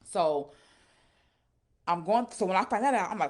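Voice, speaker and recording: A woman's voice: fairly low pitch, normal speed, gravelly, long pauses. A woman recounting a painful personal story in a casual, rambling, emotional way, often repeating herself. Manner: emotional, animated retelling. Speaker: live-stream storyteller.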